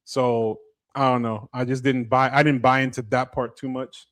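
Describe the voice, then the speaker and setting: A man's voice: mid-range voice, level tone, normal speed, fairly bright tone. A man co-hosting a podcast, giving a laid-back, joking film review with casual swearing. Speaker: podcast co-host.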